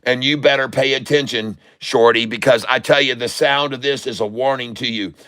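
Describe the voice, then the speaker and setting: A man hosting a live day-trading stream, shouting excitedly at the charts and talking to his chat. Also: medium pitch, moderate pace, smooth. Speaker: day-trading livestream host.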